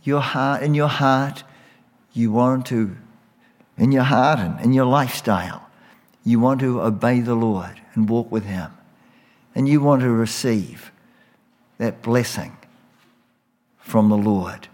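Slow, emphatic preacher in a reverberant hall. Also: male voice, medium pitch, a little mellow. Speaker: pastor. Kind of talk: sermon.

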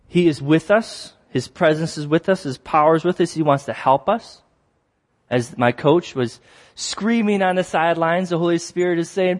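Animated male preacher, fairly high voice. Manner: animated storytelling, acts out shouts and exclamations; repeats key phrases for emphasis. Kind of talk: sermon.

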